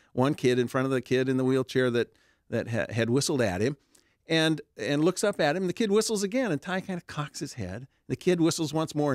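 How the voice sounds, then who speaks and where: A man's voice: mid-range voice, no room sound, clean studio sound. A man, an author and founder of a therapy dog charity, telling stories as an interview guest, with lots of fillers and restarts. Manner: warm anecdotal telling with many fillers and restarts.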